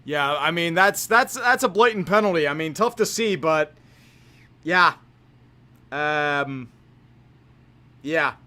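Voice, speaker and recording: A man doing amateur, profane play-by-play commentary on a livestream, shouting on big plays. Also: fairly high pitch, animated, takes it slowly, long pauses.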